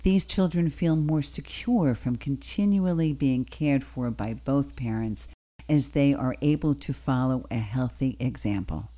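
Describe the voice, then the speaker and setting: Slow, low-voiced woman radio host. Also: warm tone. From Bronx, New York. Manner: slow, deliberate, advising. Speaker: radio talk show host. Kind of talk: talk radio advice monologue.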